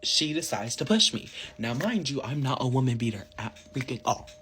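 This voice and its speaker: A man's voice: mid-range voice, animated, normal speed, a bit bright. A man telling a casual storytime to his followers, slangy and rambling, full of fillers. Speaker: social media storyteller.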